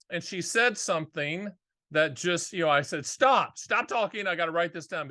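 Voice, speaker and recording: An upbeat, jokey man talks straight to the viewer as host, with a lot of energy. His voice is bright and forceful and a little higher than most men's. The recording is dry and close, with no room sound. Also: no room sound. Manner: upbeat, jokey, animated, conversational. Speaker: host and annuity agent. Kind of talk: casual solo video monologue.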